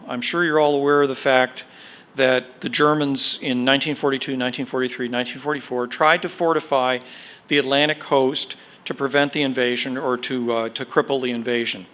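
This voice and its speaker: Man, history lecture, bright forward voice, measured explanatory delivery, emphatic stresses, podcast talk. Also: mid-range voice. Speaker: guest speaker, military historian. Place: lecture audience.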